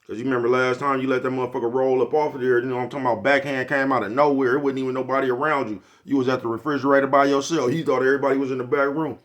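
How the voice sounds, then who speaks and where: A man's voice: medium pitch, little pitch movement, racing, hardly any pauses. An older man, giving a blunt, preachy, profane motivational monologue to his viewers. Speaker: vlogger.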